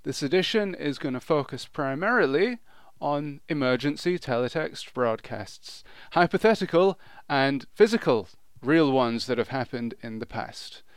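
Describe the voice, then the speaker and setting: A man's voice: medium pitch, lively intonation, measured pace, clean tone, no echo. A man hosting a podcast, opening with upbeat, presenter-like introductions in casual chat. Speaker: podcast host.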